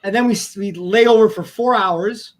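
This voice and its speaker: A man with a high voice hosts a casual podcast. He rambles through stories, swears freely and laughs easily. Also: moderate pace. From Canada. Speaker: podcast host.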